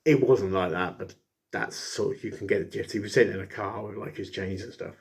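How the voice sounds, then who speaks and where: A man's voice: fairly low pitch, fairly quick, husky. A man casually reviewing an old wrestling show, rambling with many fillers and jokey asides. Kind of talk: casual chat.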